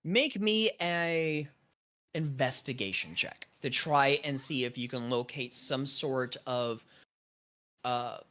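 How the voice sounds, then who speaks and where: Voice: medium pitch, expressive, slow, a bit bright. A game master narrating a tabletop role-playing game in a casual, hesitant way, with many fillers.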